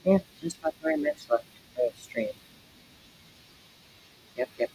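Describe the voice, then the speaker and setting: A man streaming while he draws, chatting casually in a halting, rambling way full of fillers. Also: medium pitch, wildly swooping pitch, a little mellow, slight background noise, poor audio. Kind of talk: casual live-stream chat while drawing.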